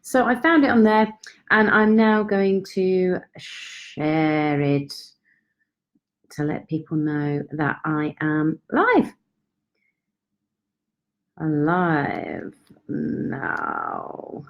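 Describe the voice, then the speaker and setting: A woman chats slowly and easily to viewers of her live stream, her voice sitting on the low side. She talks into her phone at home, friendly and self-deprecating. Her pace stays unhurried throughout. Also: highs cut off. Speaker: confidence coach hosting a live stream. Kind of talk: casual live-stream chat. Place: at home, in York.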